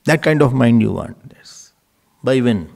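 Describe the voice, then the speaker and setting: A man's voice: medium pitch, animated, measured pace, creaky, darkish tone. A man giving a spiritual discourse, asking rhetorical questions and chuckling often. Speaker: spiritual teacher.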